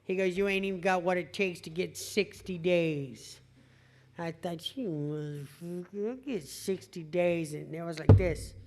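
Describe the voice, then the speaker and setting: Speaking before an audience in a meeting hall, a middle-aged woman from California shares her recovery story at an AA meeting, cursing bluntly and laughing at herself. She has a fairly low, slightly mellow voice and keeps a measured pace.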